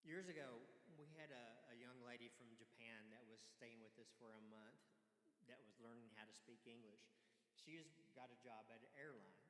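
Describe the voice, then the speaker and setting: A man preaching a sermon in a church, earnest and pleading, with sudden loud emphasis. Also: medium pitch, normal speed. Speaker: pastor. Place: church sanctuary. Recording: echoey church hall.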